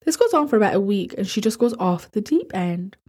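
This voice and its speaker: A woman's voice: mid-range voice, very animated, brisk, a little mellow, breathy edge. Chatty woman reading stories. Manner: chatty, stumbles and self-corrects, swears offhand. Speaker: podcast host. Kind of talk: casual reading of listener stories.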